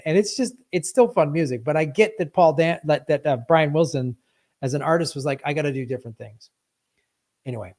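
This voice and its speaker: A man's voice: fairly high pitch, a little fast, a little mellow. A man hosting a live stream in casual chat, playful, breaking into sound effects and silly rhymes. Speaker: livestream host.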